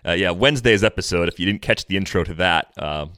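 Low-voiced man hosting a podcast. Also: expressive, fast talker, a bit bright, no room sound, studio quality. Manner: upbeat, conversational, steers the talk. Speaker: podcast host. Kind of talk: casual chat.

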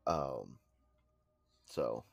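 A man co-hosting a casual podcast, speaking unhurriedly and pausing often with "uh". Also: extremely low pitch, expressive, creaky, dry recording. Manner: unhurried, with frequent "uh" pauses. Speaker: podcast co-host.

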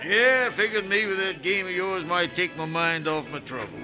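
An actor playing a wary, grieving rancher who talks in an expressive drawl, in 1940s radio acting. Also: male voice, sits high, moderate pace, loud music behind the voice, natural voice.

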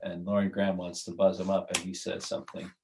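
Low-voiced man rambling through a podcast interview. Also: completely flat delivery, quick pace, vocal fry, noisy background. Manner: rambling, restarts sentences, laughs often. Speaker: guest writer and creator.

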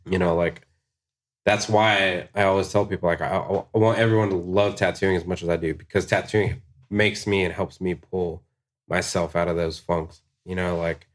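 A man's voice: low voice, fairly even intonation, moderate pace. A man, a guest tattoo artist, talking in a laid-back podcast chat, swearing freely and filling his speech with "like". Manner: laid-back, swears a lot, many "like" fillers. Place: tattoo shop podcast studio.

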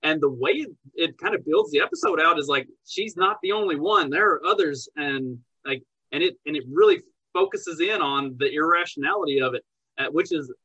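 A man with a higher-than-usual pitch and a husky, slightly breathy voice talks in a loose podcast chat. He has a bright, forceful edge. He speaks bluntly, swearing freely and pressing hard when he gets going. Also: normal speed, lo-fi sound. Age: parent of young children. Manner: blunt, heated and profane, rising to angry outbursts. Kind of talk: casual conversational podcast.

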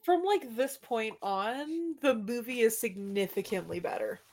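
Woman chiming in with lively voice. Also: on the high side, measured pace, a loud crowd. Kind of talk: casual movie review chat.

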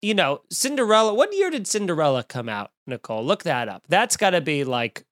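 A man's voice: fairly high pitch, very animated, a little fast, fairly bright tone, no echo, clean studio sound. A young man hosting a podcast, delivering a profane, exasperated comedic rant full of fillers and asides. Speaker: podcast host.

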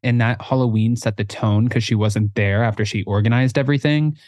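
A man's voice: medium pitch, fairly even intonation, fairly quick, darkish tone, no echo, studio quality. A man co-hosting a casual podcast, playful and self-deprecating as he tells stories. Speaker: co-host.

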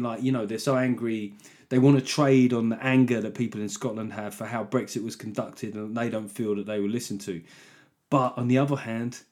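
A man's voice: medium pitch, darkish tone. A man hosting a solo podcast, rambling through jokey, sarcastic tangents and laughing at his own asides. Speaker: podcast host. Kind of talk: casual solo podcast monologue.

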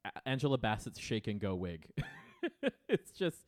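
A man's voice: fairly low pitch, big pitch swings, moderate pace. Chatty man co-hosting, stammering restarts. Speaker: podcast co-host. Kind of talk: casual chat.

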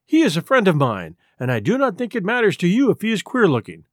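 A man's voice: sits high, wildly swooping pitch, fast, no echo, clean studio sound. A man voicing a timid, tender young female moth in a storybook, speaking earnestly and pleadingly. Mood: indignant.

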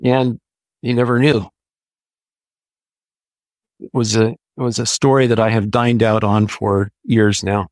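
An American man in his sixties, an Army veteran, telling stories from his service in a measured, anecdotal way. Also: lowish voice, little pitch movement, dry recording. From United States. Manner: measured, anecdotal, with occasional restarts. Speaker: interview guest, Army veteran. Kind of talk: conversational storytelling.

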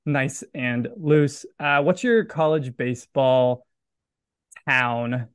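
A man's voice: medium pitch, slow pace, clear, resonant tone, no echo, studio quality. A man with a Southern US accent hosting a casual podcast chat in a joking, self-deprecating way. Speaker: podcast host.

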